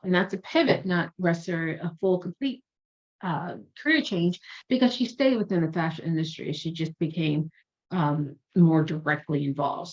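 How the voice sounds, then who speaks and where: A woman's voice: low voice, a little mellow. A woman career coach talking casually and at length, chatty and digressive, often correcting herself. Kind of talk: casual explanatory talk. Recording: dull lo-fi sound.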